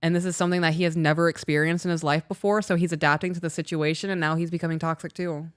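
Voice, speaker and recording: Smooth-voiced woman talking frankly. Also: low voice, steady tone, racing, dry recording, clean studio sound. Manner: frank, emotional, swears freely. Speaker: podcast co-host. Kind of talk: candid casual chat.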